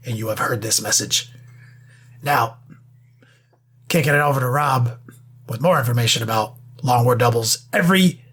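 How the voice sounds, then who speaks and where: A man's voice: mid-range voice, slightly rough. A man co-hosting a podcast, talking in a blunt, offhand way and cursing freely. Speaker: podcast co-host. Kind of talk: casual podcast talk.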